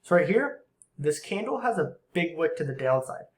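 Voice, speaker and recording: A young man with a slightly high voice explains forex trading over a screen recording, casual and slangy. He slips into quick voices for panicking traders and market makers. The room is echoey. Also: big pitch swings. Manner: slang-heavy and conversational.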